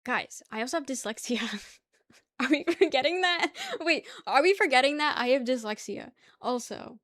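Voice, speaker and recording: A woman's voice: high-pitched, lively intonation, moderate pace, a bit bright, no echo, clean studio sound. A young woman livestreaming casual chat with her viewers, rambling, laughing easily and swearing offhandedly. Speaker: livestream host.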